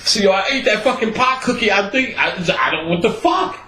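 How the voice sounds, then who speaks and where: A man hosting a podcast, telling a story in a casual, animated way, laughing and swearing often. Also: sits high, fairly quick. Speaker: podcast host. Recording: roomy echo with faint noise.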